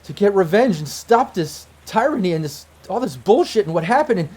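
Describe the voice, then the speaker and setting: A man voicing a distraught woman gang leader who is crying at finding someone alive, in a high strained voice. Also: expressive, brisk, darkish tone, breathy edge. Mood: shaken, pouring out.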